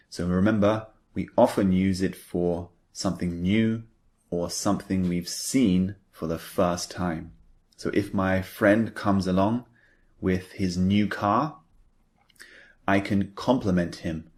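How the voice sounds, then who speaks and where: Slow, low-voiced man teaching English. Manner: patient, repeats example sentences with emphasis. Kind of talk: slow explanatory lesson.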